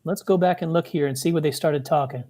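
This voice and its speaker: A man co-hosting a live game stream in casual chat, making relaxed, dry remarks. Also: fairly high pitch, fast talker.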